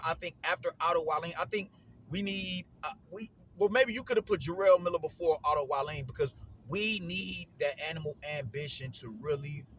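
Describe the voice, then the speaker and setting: A man talking through a boxing card in casual solo commentary, with a slightly higher voice than most men. His delivery is slangy and animated, full of repeats and fillers. A faint hiss of noise runs underneath.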